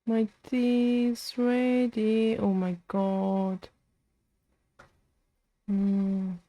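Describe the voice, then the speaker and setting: A woman streamer talks slowly, half to herself, as she works at her computer. Her voice sits at a middle pitch and sounds close and dry, with no room echo. Now and then she turns to chat with her viewers. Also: monotone, dark tone. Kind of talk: casual live-stream chat while coding.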